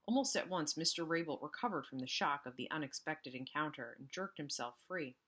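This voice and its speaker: A woman teacher reading a storybook aloud to students, expressive with casual asides. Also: deep voice, a little fast.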